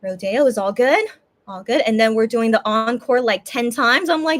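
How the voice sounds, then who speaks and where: A woman's voice: fairly high pitch, normal speed. Emotional, rambling woman vlogger. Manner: emotional, rambling, many restarts and self-talk. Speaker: fan vlogger. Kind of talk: casual recap to camera.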